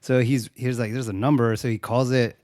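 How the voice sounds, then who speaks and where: A man's voice: mid-range voice, level tone, fairly quick, darkish tone, no echo. Laid-back swearing man, dry close sound. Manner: laid-back, swears a lot, acts out quotes. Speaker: podcast co-host. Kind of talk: casual chat recapping a movie.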